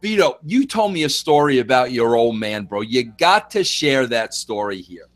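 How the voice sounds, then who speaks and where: A man's voice: medium pitch, big pitch swings, normal speed, a bit bright. A male podcast host casually prompting his guest in a laid-back way, with slang like "bro".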